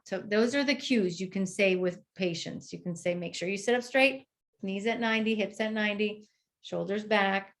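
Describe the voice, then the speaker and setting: Her mid-range voice takes on a slightly bright quality as she teaches therapists step by step. She models the exercise aloud, pausing along the way.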